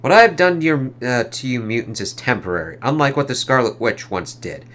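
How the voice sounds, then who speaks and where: A man's voice: mid-range voice, animated, fairly quick, a bit bright, lightly acted. Arrogant tyrant emperor-sorcerer, declaiming as voiced by a male reviewer. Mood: gloating.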